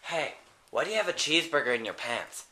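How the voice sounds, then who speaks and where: A man's voice: a little high, sing-song, a little fast, noisy background, pitched above the performer's own voice. A man voicing a startled, suspicious wife who exclaims shrilly.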